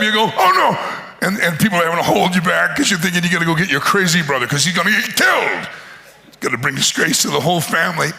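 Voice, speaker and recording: A male pastor preaching a sermon as an animated storyteller, acting out voices and laughing often. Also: medium pitch.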